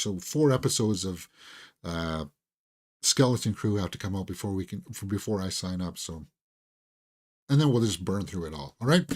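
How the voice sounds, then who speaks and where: A man who is losing his voice, hosting a casual movie talk stream, rambling with lots of fillers and chuckles. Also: medium pitch. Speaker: host of a movie talk channel. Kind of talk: casual live-stream chat.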